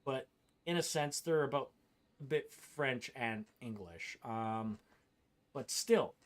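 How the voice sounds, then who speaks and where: A man's voice: medium pitch, slow pace. A man streaming a video game, giving casual commentary and ranting with strong opinions and swearing. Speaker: gaming streamer.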